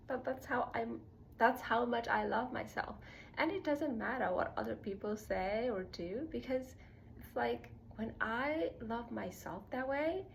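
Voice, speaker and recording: A woman's voice: a little high, gravelly, slight background noise, low-quality recording. A young woman vlogging a casual personal monologue, rambling with lots of "like" fillers and laughing at herself. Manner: rambling, heavy use of "like" fillers.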